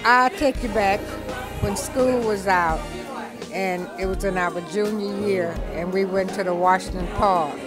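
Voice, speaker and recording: A woman in her seventies telling a lively, funny story from her youth as a birthday message. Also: mid-range voice, a little slow. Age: 70s. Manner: lively storyteller, acts out voices from memories. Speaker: birthday well-wisher. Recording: music and crowd noise behind.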